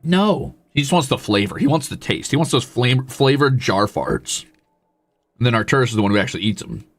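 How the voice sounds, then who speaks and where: A man's voice: medium pitch, expressive, fairly quick, no echo. A male live streamer in casual chat, teasing and swearing freely as he coos at and scolds his cat.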